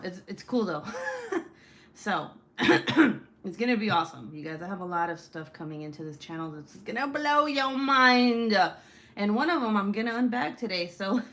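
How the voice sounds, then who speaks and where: A woman's voice: mid-range voice, fairly bright tone. Woman, craft livestream host, casual chat, rambling, cusses freely, faint background hiss. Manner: chatty, rambling, swears freely, reads chat comments aloud.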